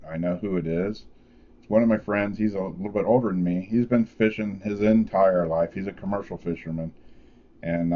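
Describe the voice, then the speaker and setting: A man's voice: sits low, muffled recording. A man vlogging, telling a casual story in a laid-back, rambling way with lots of fillers.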